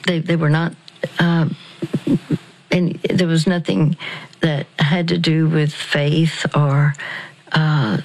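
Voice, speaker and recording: A woman speaking on a radio ministry show, talking slowly and deliberately, repeating phrases for emphasis. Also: low voice, flat delivery, poor audio. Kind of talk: radio talk with a caller.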